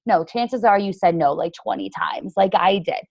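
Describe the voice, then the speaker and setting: A woman coach leads a motivational team training call in a mid-pitched voice. She is chatty and emphatic, leans on "like" as a filler, and has a sarcastic edge. The sound is dry, with no room echo. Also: normal speed, gravelly, darkish tone, lo-fi sound.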